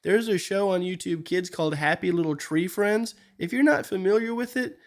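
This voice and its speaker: A man's voice: high-pitched, normal speed. Earnest man reacting to viral clips. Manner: earnest, sympathetic, advice-giving. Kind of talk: casual commentary.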